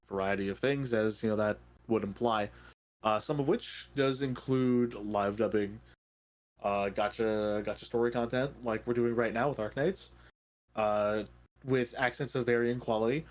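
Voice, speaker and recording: A man hosting a livestream in casual chat, playful and excitable, laughing and thanking viewers. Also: fairly low pitch. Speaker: streamer.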